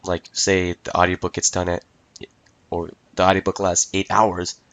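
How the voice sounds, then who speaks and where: Ranting teen guy with a low voice. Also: completely flat delivery, moderate pace, fairly bright tone. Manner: exasperated, ranting, swears casually; repeats "I tell you what" and "ridiculous". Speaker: podcast host. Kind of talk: casual solo podcast rant. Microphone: talking into a microphone.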